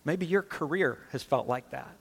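A man's voice: on the high side, normal speed, gravelly, husky. A man preaching a sermon as a pastor. He speaks earnestly and with emphasis, asking his listeners rhetorical questions. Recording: long reverb of a large hall.

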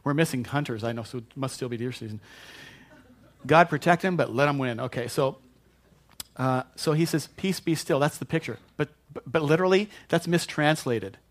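A male pastor delivering a sermon in a chatty, informal way. He jokes with his listeners and often restarts his words in mid-sentence. His pitch is in the middle of the range. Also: normal speed. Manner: conversational and joking, with frequent restarts.

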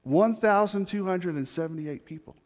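Preacher man in a reverberant hall. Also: moderate pace. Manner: storytelling preacher, drops low and quiet for emphasis, rises for appeals. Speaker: pastor. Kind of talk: sermon.

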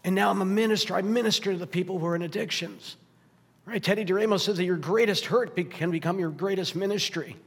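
A man's voice: high voice, fast talker, husky. A man preaching a sermon in a conversational style, asking "right?" often and growing emotional at points. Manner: emotional, gets choked up and laughs. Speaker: pastor. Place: church sanctuary. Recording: long hall reverb.

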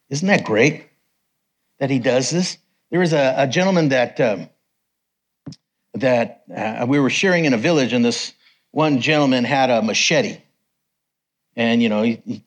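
A man's voice: medium pitch, low-quality recording. A man giving a sermon with personal stories, talking conversationally and often checking in with the congregation. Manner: conversational, asks the crowd "right?". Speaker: preacher.

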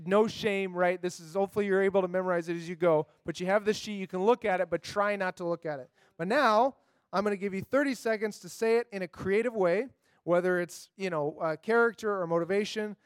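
A man's voice: high-pitched, brisk, clear, resonant tone, no echo, clean studio sound. A man leading a group memory activity, upbeat and coaxing, checking in with the group often. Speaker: youth class leader.

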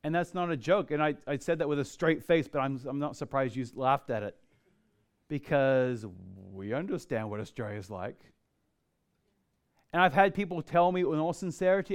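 A man preaching a sermon as pastor to a congregation in church, emphatic, and slowing down when he reads scripture aloud. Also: on the high side, clear, resonant tone. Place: church before a live congregation.

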